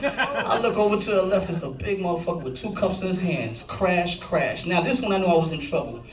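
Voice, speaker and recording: Animated male stand-up in a roomy club. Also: high-pitched, a little fast. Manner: animated storytelling with acted-out voices. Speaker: stand-up comedian. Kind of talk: stand-up set. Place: comedy club stage with audience laughter. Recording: roomy, from far off, crowd laughter.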